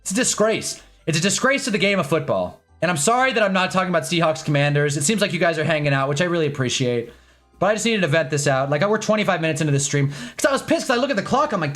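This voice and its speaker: Young male streamer, fairly high voice, worked-up rant with faint music behind. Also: quick pace. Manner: animated, exasperated storytelling with swearing. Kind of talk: casual ranting livestream.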